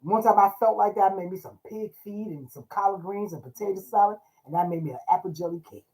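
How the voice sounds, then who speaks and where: A woman's voice: mid-range voice, quick pace, a little mellow, low-quality recording. An older woman hosting a live stream, chatting casually and reminiscing. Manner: chatty, reminiscing, talks over her co-host. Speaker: livestream host. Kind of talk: casual chat.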